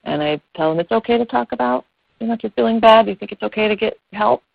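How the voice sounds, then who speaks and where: A woman's voice: fairly high pitch, expressive, fast talker, vocal fry, no echo. A woman yoga teacher giving an earnest, meandering talk over a video call, with many fillers. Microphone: phone on a video call. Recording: dry, tinny phone-like call audio.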